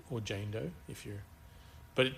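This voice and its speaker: A man's voice: on the low side, vocal fry, fairly bright tone, slight background noise. A man co-hosting a podcast, rambling crudely through casual banter and swearing freely. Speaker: podcast co-host.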